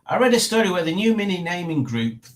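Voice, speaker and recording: A man's voice: sits high, big pitch swings, fast, rough recording. A man hosting a casual live stream, chatting and reading out viewer comments with frequent laughs. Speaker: livestream host.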